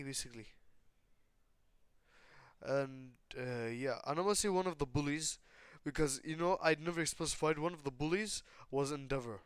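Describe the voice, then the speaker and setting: A man's voice: on the high side, moderate pace, a bit bright, smooth, no echo. A teenage boy casually retelling a fan-made story, rambling with lots of fillers. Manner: rambling, many fillers like "basically" and "like".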